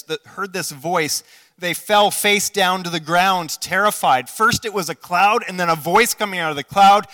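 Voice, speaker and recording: A man preaching with a bright, forceful voice that sits a little high for a man. He is earnest, asks his listeners direct questions, and moves between loud and hushed passages. The sound carries a long hall reverb. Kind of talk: sermon.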